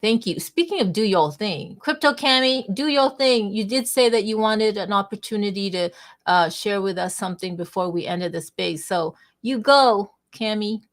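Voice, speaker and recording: A woman's voice: mid-range voice, moderate pace. A woman hosting a live online audio chat in a bubbly, chatty, playful way. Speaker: host.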